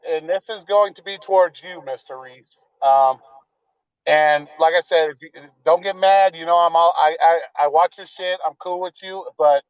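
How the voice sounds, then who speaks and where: A man's voice: high voice, clear, resonant tone, dry recording. A man calling into a live show, criticizing the host in a blunt, profane, confrontational way. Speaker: caller. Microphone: remote call-in. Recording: dull, dry remote call audio.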